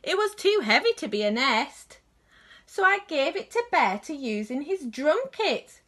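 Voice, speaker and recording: A woman voicing a chirpy, apologetic bird in a bright sing-song tone. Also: sits high, big pitch swings, measured pace, voice pushed up, heavily acted.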